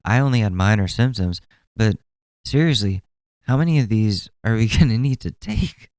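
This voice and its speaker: A man's voice: on the low side, lively intonation, normal speed, darkish tone, no echo. A man in his twenties hosting a solo podcast, rambling and exasperated, swearing freely as he talks. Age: 20s. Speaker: podcast host. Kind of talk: casual solo commentary.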